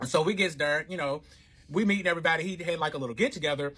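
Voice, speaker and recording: Fast-talking, profane storytelling man. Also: fairly high pitch, background noise. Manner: animated, profane, swings to yelling and back. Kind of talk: casual storytelling.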